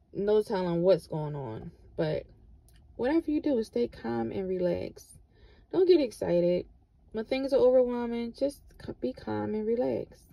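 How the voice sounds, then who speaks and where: A woman's voice: medium pitch, vocal fry, no echo, muffled recording. A middle-aged woman, giving repetitive, encouraging motivational vlog talk with Christian references. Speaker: vlogger.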